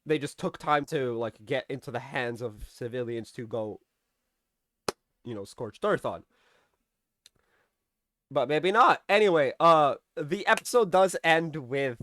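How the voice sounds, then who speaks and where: A man's voice: mid-range voice, animated, measured pace, pauses often, a bit bright. A man giving a casual, rambling review of a TV episode. He uses lots of fillers and restarts and acts out the characters' lines as he recaps.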